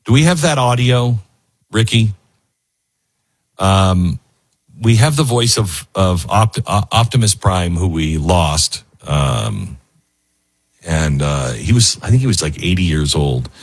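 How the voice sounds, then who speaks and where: Sitting low and slightly rough, this man's voice carries an earnest, heartfelt, meandering monologue as he hosts an emotional talk radio show.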